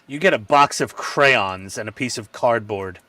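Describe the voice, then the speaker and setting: A man chatting casually with friends during a model-building stream, telling lively stories and acting out the people in them. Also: measured pace, dry recording. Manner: animated storyteller who acts out quotes with sudden pitch jumps. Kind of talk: casual group chat while building.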